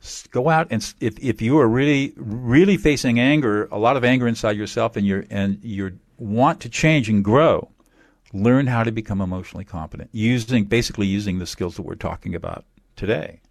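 Emphatic low-voiced man, dry sound. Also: a little fast, vocal fry, no echo. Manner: emphatic, explanatory, repeats key phrases. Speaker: attorney and mediator guest. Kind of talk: interview answers.

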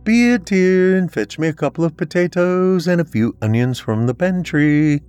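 A man's voice: fairly high pitch, lively intonation, normal speed, a little mellow, smooth, soft background music, voice pushed up, lightly acted. A man voicing a cold, menacing middle-aged mother who speaks in a sing-song voice with icy sweetness.

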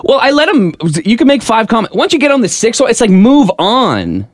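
A young adult man co-hosting a podcast, telling a story in a casual, animated way and acting out shouted lines. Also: extremely high pitch, a little fast, no room sound. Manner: animated, mimics shouted voices in anecdotes. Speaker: podcast co-host.

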